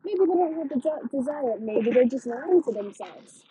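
Husky, swearing woman coach. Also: sits high, lively intonation, dark tone, no echo. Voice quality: swears freely, emphatic. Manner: fast, punchy delivery with sudden stresses. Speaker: business coach. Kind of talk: casual motivational monologue.

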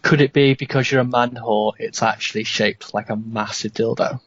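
A man's voice: medium pitch, steady tone, moderate pace, fairly bright tone. A man in a tabletop game talks in a medium voice, joking wryly and playing at reluctance. His voice sits in an ordinary range. The audio is a bit muffled and lo-fi. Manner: wry, joking, mock-fearful. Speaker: player. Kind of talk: casual tabletop play.

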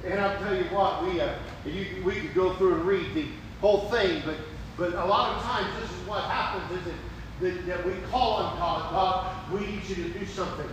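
A man preaching a sermon, animated, acting out prayers in a raised voice. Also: sits high, moderate pace, noisy background. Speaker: pastor. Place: church sanctuary. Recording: echoey room heard from a distance.

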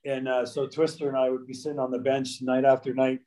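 A man in his fifties reminisces as an interview guest, drifting through long stories with many restarts and fillers. His voice sits in a middle register with very little rise and fall, almost monotone. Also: medium pitch, brisk, low-quality recording. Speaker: guest, former pro hockey player. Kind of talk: casual interview.

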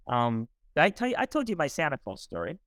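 A man's voice: a little high, huge pitch swings, fast talker, fairly bright tone, dry recording, studio quality. A middle-aged man, a podcast guest, telling a personal story in an earnest, conversational way and acting out the dialogue.

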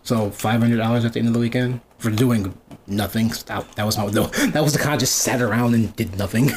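A young man chatting casually on a podcast, telling stories and laughing often. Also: a little fast. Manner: animated, laughs often, voices quoted people with big pitch jumps. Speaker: podcast co-host. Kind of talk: casual storytelling chat. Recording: faint background noise.

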